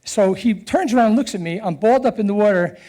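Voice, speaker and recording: Middle-aged guy telling his own story, highish voice but mellow, earnest, stops and restarts. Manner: earnest and animated, with chuckles and halting restarts. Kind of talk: personal storytelling.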